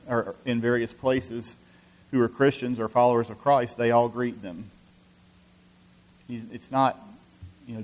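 Male preacher, sermon delivery, earnest and halting, average pitch. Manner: earnest, many restarts and "you know" fillers.

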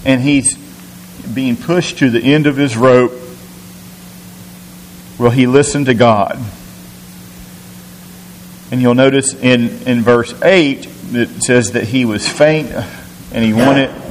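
A man's voice: medium pitch, steady tone, slow pace, pauses often. A man preaching a sermon, teaching through a scripture passage with rhetorical questions and frequent restarts. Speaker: pastor. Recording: echoey hall, faint hiss.

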